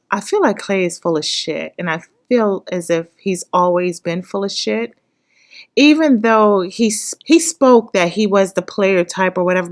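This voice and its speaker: A woman giving casual, emotional reaction commentary on a reality show, recapping scenes and breaking into loud exclamations and cursing. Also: fairly low pitch. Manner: emotional, exclaims loudly, curses, shifts from hushed recap to excited outbursts. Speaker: reaction vlogger.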